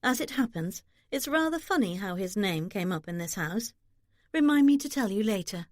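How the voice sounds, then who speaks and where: A woman's voice: medium pitch, expressive, normal speed, no echo, clean studio sound, natural voice. A woman voicing a spirited, teasing young bride. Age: young adult. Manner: bright, teasing.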